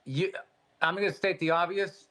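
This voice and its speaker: A high-pitched man, swapping stories on a podcast. He talks in an animated, swearing way and laughs as he goes. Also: moderate pace. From Boston, USA. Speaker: podcast co-host. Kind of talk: casual profane storytelling chat.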